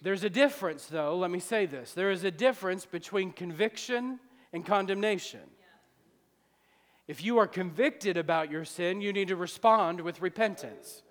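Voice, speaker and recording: Fervent high-voiced male pastor preaching. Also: normal speed, in a large hall. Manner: fervent, swings from soft confiding to loud shouting. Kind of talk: sermon. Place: church sanctuary with long reverb.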